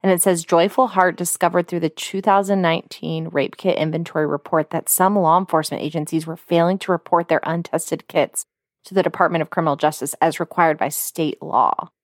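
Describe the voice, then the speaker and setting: A woman's voice: fairly low pitch, fairly even intonation, no room sound. Chatty woman podcast co-host, dry sound. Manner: chatty, quick asides, reads names aloud. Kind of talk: casual chat.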